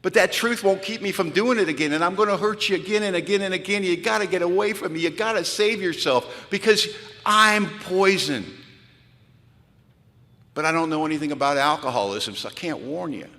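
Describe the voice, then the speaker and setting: A man's voice: sits high, a little fast, sharp tone. A man giving a candid, self-mocking talk about his past to a live audience, telling it dramatically. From United States. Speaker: recovery speaker. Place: large hall. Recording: hall reverb from a live talk.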